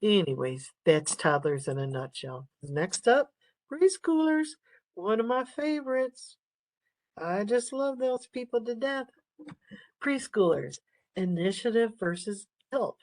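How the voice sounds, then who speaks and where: A woman's voice: medium pitch, expressive, a little slow, darkish tone, no room sound. A middle-aged woman giving a casual nursing lecture, chatty and full of stories, laughing often. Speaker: nursing instructor.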